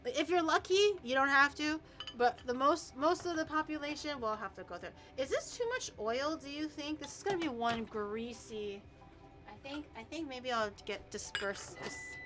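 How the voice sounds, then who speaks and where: A woman's voice: high voice, lively intonation, moderate pace, over music. Chatty woman streamer cooking, swearing freely. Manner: chatty, swears, stutters and repeats words. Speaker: vtuber streamer. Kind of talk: casual cooking stream chat. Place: home kitchen.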